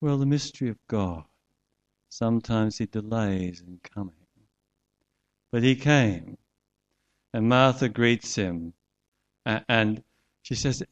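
A man's voice: lowish voice, takes it slowly, pauses often, highs cut off. A man preaching a sermon, earnestly retelling a scripture story and acting out its voices.

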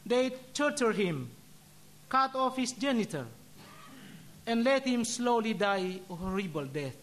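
A religious brother giving a solemn sermon, telling a story and ending in prayer with measured, deliberate delivery. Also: male voice, high voice, big pitch swings, a bit bright.

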